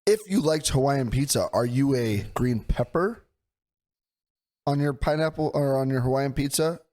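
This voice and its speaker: A man in casual podcast chat with a mid-range voice. He tells animated, rambling stories and swears freely, like someone talking with an old friend. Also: mid-range voice, moderate pace. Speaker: podcast co-host.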